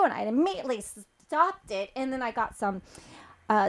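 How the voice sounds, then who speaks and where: A woman telling a rambling stand-up story at an open mic in a small comedy club, halting with fillers. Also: a little high.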